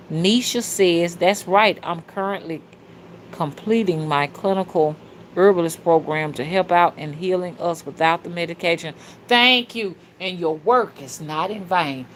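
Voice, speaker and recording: A woman hosting a spiritual livestream, talking fervently and casually to her viewers, with sudden loud shouts. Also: on the low side, normal speed, a little hiss or hum. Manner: casual and slangy, calls listeners "y'all" and "honey". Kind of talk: livestream talk reading viewer comments.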